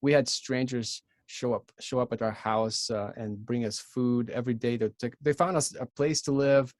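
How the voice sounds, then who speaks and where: A man in his thirties from Ukraine with a Ukrainian accent, a podcast guest telling his story in an earnest, halting way with many restarts. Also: medium pitch, fairly even intonation, no echo, clean studio sound. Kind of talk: casual storytelling.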